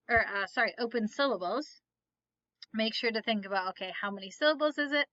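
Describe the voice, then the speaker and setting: A woman's voice: on the high side, a little fast, fairly bright tone, dry recording, lo-fi sound. A woman teaching a phonics lesson, patiently asking questions and then answering them herself. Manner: patient, asks and answers her own questions.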